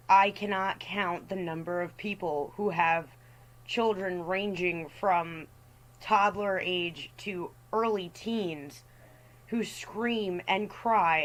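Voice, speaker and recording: A woman's voice: lowish voice, poor audio. A woman hosting a storytime rant as a voice-over, talking in an exasperated way and mimicking the people in her stories. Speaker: storytime host.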